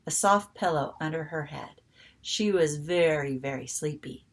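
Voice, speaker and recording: A woman reading a picture book aloud to young children in a soft, gentle, expressive way. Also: sits low, unhurried. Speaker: children's story reader. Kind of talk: storybook read-aloud for children.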